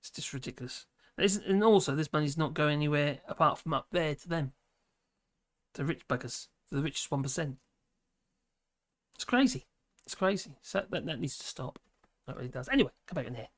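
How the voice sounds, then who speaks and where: A man's voice: a little high, expressive, normal speed, pauses often, fairly bright tone. A man from the UK hosting a live stream, chatting in a rambling way and reading viewer comments, tired and often laughing. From United Kingdom.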